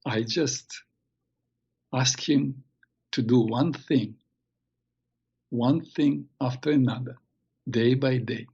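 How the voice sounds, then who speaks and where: A man's voice: mid-range voice, takes it slowly, pauses often, a little mellow, slightly rough, highs cut off. A man voicing a wise old male shaman who patiently gives instructions.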